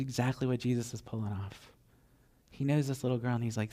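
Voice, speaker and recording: A man preaching a sermon, telling the story with animated acted-out voices and dropping to a hushed, tender tone at moments. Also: mid-range voice, fast. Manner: drops to soft, hushed tones for tender moments. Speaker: pastor.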